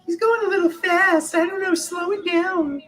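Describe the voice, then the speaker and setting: Man doing a squeaky, fussy complainer, loud and whiny. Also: steady tone, moderate pace, soft background music. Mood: fretful.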